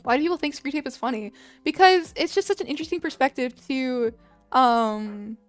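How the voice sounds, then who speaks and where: A woman's voice: high voice, a little fast, faint music behind. A young woman streamer chatting casually with viewers, rambling with lots of fillers and frequent laughs. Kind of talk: casual chat.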